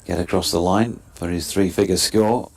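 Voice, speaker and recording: A man giving live ball-by-ball cricket commentary in a steady, wry way as the lead commentator. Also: low-pitched, normal speed. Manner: steady, wry, describes play and scene.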